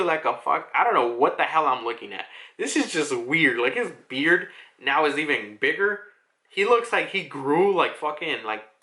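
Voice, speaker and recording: A man casually reviewing a manga chapter, rambling, excitable and profane. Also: a little high.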